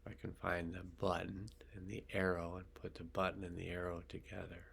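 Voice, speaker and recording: An older man leads a guided healing meditation, his very low voice thick with gravelly fry. He speaks slowly and calmly, staying on a flat, even line as he soothes his listeners with long pauses. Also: slight background noise. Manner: slow, calm, soothing, with pauses. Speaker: energy healer.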